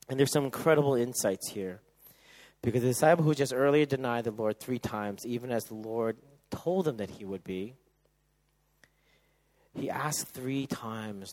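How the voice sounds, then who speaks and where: A male pastor preaching a sermon, moving from loud emphatic bursts to soft, hushed passages. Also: medium pitch, low-quality recording.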